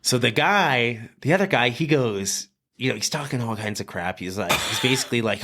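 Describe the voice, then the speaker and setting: A man from New Mexico, a guest chef, telling a story in a casual, animated podcast chat with frequent fillers. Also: lowish voice, normal speed.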